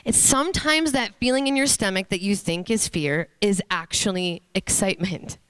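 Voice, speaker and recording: A woman in her thirties speaks on stage with earnest conviction, telling her story and pausing to let points land. Her voice sits in a middle pitch. The sound is dry and close, with little room echo. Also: fairly bright tone, clean tone. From Minnesota, USA. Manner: earnest, storytelling, pauses for emphasis. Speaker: motivational speaker. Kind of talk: inspirational stage talk. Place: stage before an audience.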